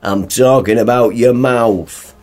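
A man's voice: mid-range voice, takes it slowly, darkish tone, faint music behind, natural voice. An actor playing a blunt, sarcastic working-class father with a northern English accent, grumbling and teasing his son in a radio play. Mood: gruff.

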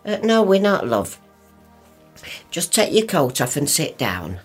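A practical, fussing northern English mum in a radio play, whose lowish voice swings widely up and down. She nags in a homely, bustling way, with faint music behind her. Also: very animated, unhurried, slightly rough, full character voice. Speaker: mother.

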